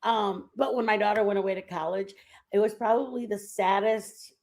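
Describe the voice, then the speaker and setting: Hosting a laid-back livestream, this middle-aged woman speaks at normal speed in a steady, slightly mellow medium-pitched voice. Her home stories wander along in chatty fashion, full of filler words.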